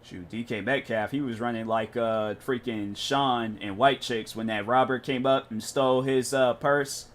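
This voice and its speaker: A man's voice: medium pitch, fairly even intonation, measured pace, few pauses. A young man streaming a racing game, chatting casually in rambling, laid-back slang. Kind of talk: casual chat while gaming.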